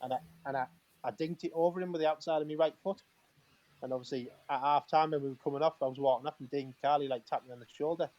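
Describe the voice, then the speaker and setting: A man's voice: a little high, steady tone, fast, darkish tone, highs cut off. A man, a former footballer, telling casual stories as a guest, laughing often and acting out quoted dialogue between restarts and fillers. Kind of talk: casual storytelling on a live talk-in.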